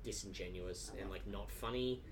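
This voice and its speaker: A man's voice: on the low side, moderate pace, a crowd in the background. A man co-hosting a casual podcast chat, rambling and swearing freely, with lots of filler words. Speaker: podcast co-host.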